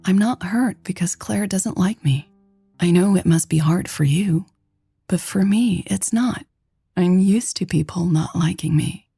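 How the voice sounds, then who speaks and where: Woman putting on a shy excitable young woman, soft breathy delivery, gravelly undertone, dark tone. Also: on the low side, unhurried, no echo, clean studio sound, soft background music, heavily acted. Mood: wounded, quiet.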